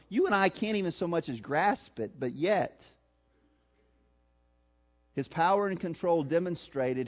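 A man with a Missouri accent preaching a sermon, swinging between loud emphasis and soft, slow passages. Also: on the high side. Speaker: pastor. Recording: tinny phone-like sound.

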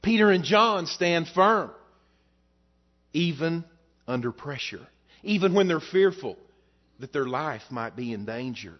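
A man's voice: on the high side, expressive, a little slow, pauses often. A male pastor preaching a sermon to his congregation, telling a story in a folksy way with frequent fillers. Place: church service before a congregation. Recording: dull lo-fi sound.

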